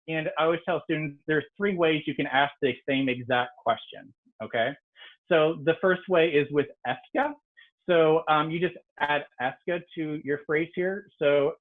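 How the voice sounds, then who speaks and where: Casual man teaching French over a call. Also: mid-range voice. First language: English. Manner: casual, explanatory, frequent ums. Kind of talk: online language lesson. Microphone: video call. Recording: tinny video-call audio.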